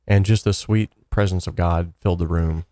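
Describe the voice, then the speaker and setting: Man, low deep voice, animated storytelling, voices quoted people, dry close sound. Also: moderate pace, no echo. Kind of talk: personal storytelling.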